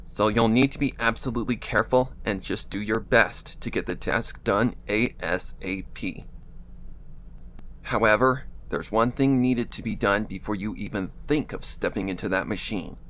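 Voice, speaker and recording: A man's voice: fairly low pitch, moderate pace, fairly bright tone, a little hiss or hum, lightly acted. A man voicing a stern, protective female pony mentor, talking through his nose and giving firm warnings. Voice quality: nasal.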